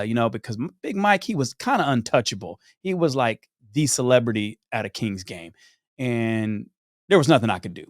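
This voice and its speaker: A young adult man, a podcast guest, telling stories in a lively way, acting out scenes and laughing often. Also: fairly low pitch, a little fast, no echo, clean studio sound. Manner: animated storyteller who acts out scenes and laughs often. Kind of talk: casual storytelling chat.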